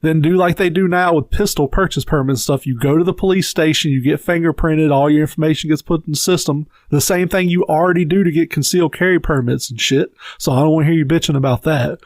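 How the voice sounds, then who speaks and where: A man's voice: on the high side, fast talker, hardly any pauses, no room sound. A man with a Southern US accent co-hosting a podcast, giving blunt, profane opinions in casual chat. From Southern United States. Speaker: podcast co-host.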